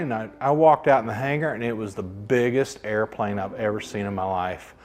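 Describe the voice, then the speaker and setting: A man's voice: fairly low pitch, brisk, a little mellow. A man, a pilot, telling stories from his career in a casual interview and acting out the quoted dialogue. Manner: anecdotal, acts out quoted dialogue.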